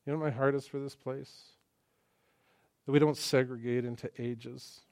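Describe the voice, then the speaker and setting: A man preaching a sermon in church in a conversational, joking way, swinging between quiet asides and emphatic lines. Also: mid-range voice, steady tone, moderate pace, clear, resonant tone. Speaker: pastor.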